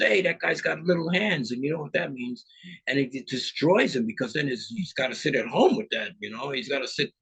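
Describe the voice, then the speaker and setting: Man guest, husky, very lively pitch, emphatic, slips into character voices. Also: low-quality recording. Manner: animated, acts out characters mid-talk; emphatic, street-style talk. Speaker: musician guest. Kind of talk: casual interview chat.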